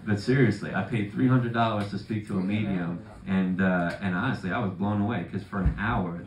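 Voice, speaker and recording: A man, telling profane, rambling stories in a stand-up comedy set. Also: deep voice. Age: 30s. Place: comedy club. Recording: roomy, distant mic with loud audience laughter.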